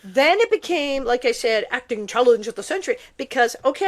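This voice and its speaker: A woman co-hosting a podcast, chatting casually and telling animated behind-the-scenes stories, acting out what others said. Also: high-pitched, a little fast. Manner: animated storyteller, acts out quotes, laughs often. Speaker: podcast co-host recalling her acting. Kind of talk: casual chat.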